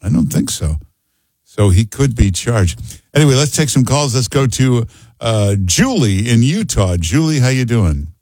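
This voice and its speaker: A man's voice: mid-range voice, very animated, unhurried, a little mellow, dry recording. A man hosting a call-in radio show, giving blunt, sarcastic commentary and taking callers. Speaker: radio talk show host.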